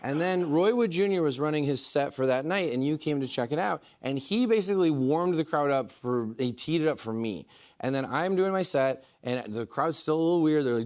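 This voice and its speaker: Rambling comedian with a higher voice. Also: male voice, lively intonation, moderate pace. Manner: rambling and self-deprecating, with many fillers. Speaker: guest comedian. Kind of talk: talk-show storytelling.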